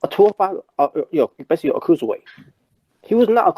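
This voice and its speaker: Male podcast co-host, mellow voice, rambling delivery full of fillers, dry close sound. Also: sits high, very animated, racing, breathy edge, dry recording, poor audio. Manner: rambling, many restarts and fillers. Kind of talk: casual wrestling talk.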